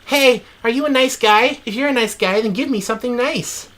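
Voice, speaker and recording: A man's voice: very high-pitched, brisk, fairly bright tone, pitched above the performer's own voice. A man voicing a kind, earnest desert guide in a video game journal reading. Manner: simple earnest phrasing.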